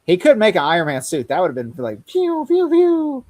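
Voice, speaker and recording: A man's voice: on the high side, lively intonation, fast. A young man chatting casually on a podcast, rambling, laughing often and acting out lines he quotes. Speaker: podcast host. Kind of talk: casual chat.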